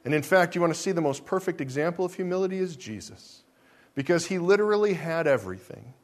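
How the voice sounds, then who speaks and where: A man preaching a sermon, asking the congregation rhetorical questions and swinging between soft, slow lines and loud ones. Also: a little high, expressive. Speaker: pastor.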